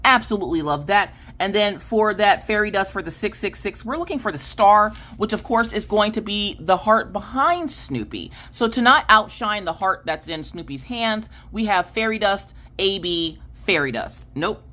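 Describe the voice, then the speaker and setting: A woman hosting a craft unboxing video, chatting casually and excitedly and correcting herself as she goes. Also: mid-range voice, moderate pace, few pauses.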